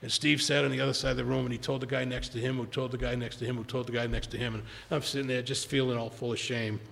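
A man telling his recovery story to a large audience, rambling with many restarts, speaking quietly and rising when he urges the crowd. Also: mid-range voice, level tone, fast talker. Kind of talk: personal testimony talk. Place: large hall before an audience. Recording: long hall reverb, gravelly.

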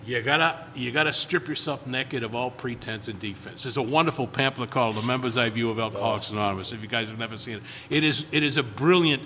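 Bright-voiced man in a reverberant room. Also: medium pitch, quick pace, hardly any pauses, slight background noise. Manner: rambling, repeats words, acts out quotes. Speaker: recovery meeting speaker. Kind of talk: casual storytelling talk.

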